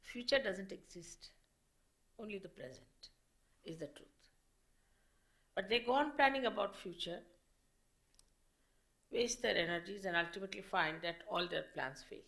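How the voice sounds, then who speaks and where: A woman giving a public spiritual lecture as a teacher, explaining slowly and in measured phrases with pauses. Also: medium pitch, animated, creaky, a bit bright.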